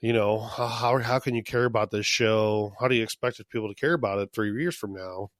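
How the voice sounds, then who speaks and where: A man's voice: lowish voice, brisk, fairly bright tone, dry recording, studio quality. A man co-hosting a podcast in casual chat, loose and profane, often laughing. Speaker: podcast co-host.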